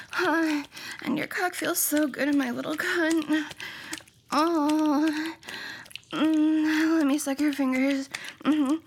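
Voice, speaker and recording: High, breathy woman in erotic role-play. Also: fairly even intonation, slow pace, slight background noise. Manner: breathy, moaning, pleading. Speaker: erotic audio performer.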